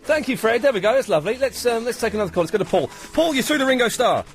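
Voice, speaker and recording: A man hosting a live radio phone-in, lively, a little flustered and out of breath. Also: extremely high pitch, very fast, a little hiss or hum. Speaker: radio host.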